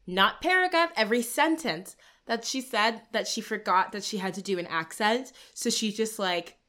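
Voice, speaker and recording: A woman's voice: mid-range voice, animated, normal speed, sharp tone. A young woman co-hosting a casual movie review chat, opinionated and wry. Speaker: podcast co-host.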